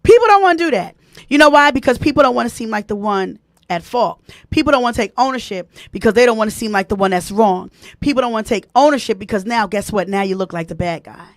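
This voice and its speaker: A woman hosting a live stream, giving animated, preachy advice and repeating key points for emphasis, speaking. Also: a little high, fast, no room sound, studio quality. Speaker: host.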